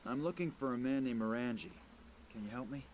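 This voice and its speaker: A man's voice: mid-range voice, fairly quick, darkish tone, a little hiss or hum, lightly acted. An actor playing a dry, sarcastic young male adventurer in a game. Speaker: game protagonist.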